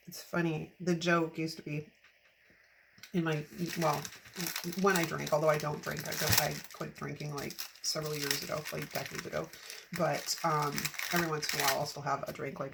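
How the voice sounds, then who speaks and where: A woman in her fifties talks through her planner work in a chatty, rambling way, laughing often. Her voice sits low and carries a gravelly edge. A steady hiss of background noise runs under the recording. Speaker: planner vlogger. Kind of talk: casual chat while decorating a planner.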